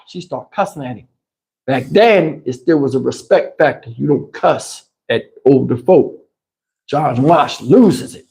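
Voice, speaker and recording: A man hosting a livestream, telling a story in an animated, profane, casual way and laughing along. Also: mid-range voice, a little slow, vocal fry. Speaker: channel host.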